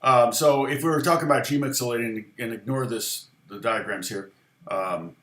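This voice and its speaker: A man's voice: medium pitch, moderate pace, roomy sound. A middle-aged man giving a casual livestream guitar lesson, chatty and rambling, with many fillers and restarts. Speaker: guitar teacher.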